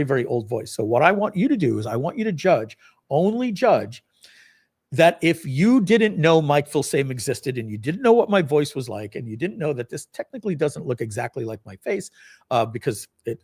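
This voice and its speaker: Husky-voiced man hosting a rambling live demo. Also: medium pitch. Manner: rambling, self-deprecating, many fillers. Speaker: host of a live product launch stream. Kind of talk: casual live software demo.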